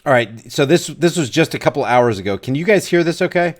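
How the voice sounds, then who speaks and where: Middle-aged guy ranting on his vlog, kinda high voice, preachy, repeats stuff over and over. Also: animated, brisk. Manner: fiery, preachy, emphatic, repeats himself. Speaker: vlogger.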